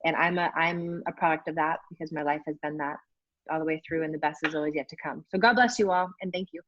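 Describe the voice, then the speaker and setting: An American athlete in her forties speaks candidly and enthusiastically as a guest in a casual interview, using lots of fillers. Her deep voice moves at a quick pace, and the lo-fi call audio sounds dull and dry with no echo.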